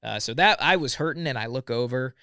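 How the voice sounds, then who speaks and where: A man in his thirties from Southern California, telling stories as a podcast guest in a relaxed, rambling way full of "like" and "yeah, yeah, yeah.". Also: mid-range voice, brisk, smooth, no echo, studio quality. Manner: laid-back, full of "like" and "yeah, yeah, yeah". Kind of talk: casual storytelling chat.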